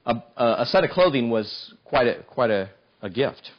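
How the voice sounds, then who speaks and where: A man preaching a sermon, telling a story in an animated way and often repeating words as he restarts. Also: mid-range voice, moderate pace, highs cut off.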